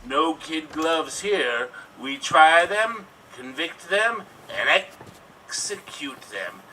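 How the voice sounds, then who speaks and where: A man playing a chilling villain who drags out every word in a low, threatening tone. His voice is bright and a little distant from the mic. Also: lively intonation, slight background noise, full character voice. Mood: menacing. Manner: slow, menacing. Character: sinister cold male cartoon villain judge.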